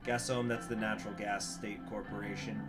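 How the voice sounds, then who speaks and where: A man's voice: fairly low pitch, flat delivery, brisk. A man casually reading game text aloud and chatting, self-deprecating, with guitar music playing behind. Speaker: streamer playing a political game.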